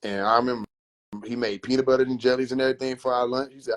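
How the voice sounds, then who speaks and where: A man hosting a livestream, telling family stories in a casual, profane, animated way with frequent laughter. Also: mid-range voice, fast talker. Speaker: livestream host.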